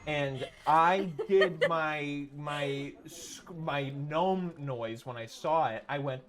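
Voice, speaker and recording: A man's voice: on the high side, slow pace, a bit bright. Rambling, swearing male streamer. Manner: rambling, swears, many restarts. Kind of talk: casual stream chat.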